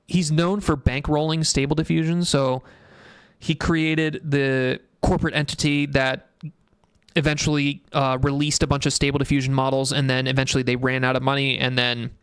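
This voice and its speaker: A man's voice: mid-range voice, little pitch movement, moderate pace, clear, resonant tone, no room sound, clean studio sound. A man hosting a casual tech livestream, rambling in a blunt, profane way and reading chat comments aloud. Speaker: livestream host.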